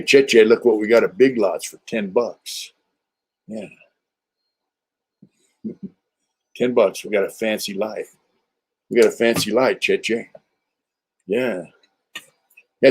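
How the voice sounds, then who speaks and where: An older man from California hosts a relaxed livestream, drifting through a story. His voice sits in an ordinary middle pitch, and his talk is loose and streetwise, full of fillers and blunt profanity. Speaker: livestream host.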